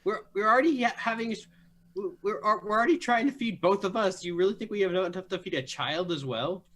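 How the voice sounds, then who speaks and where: Brief: male player, high voice, dry joking tone. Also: fairly quick, fairly bright tone, slight background noise. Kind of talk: tabletop game play.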